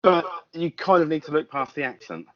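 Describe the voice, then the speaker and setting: A man's voice: on the high side, fairly quick. A man on a film podcast, chatting casually in a hesitant, stammering way. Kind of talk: casual film review chat. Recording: muffled podcast audio.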